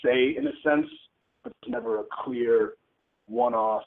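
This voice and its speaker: Gravelly-voiced wrestler on a phone line. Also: male voice, medium pitch, sing-song, measured pace. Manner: candid and wry, joking about himself. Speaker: pro wrestler on a media conference call. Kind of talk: answering reporters' questions on a call. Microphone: telephone. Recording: tinny phone line with faint noise.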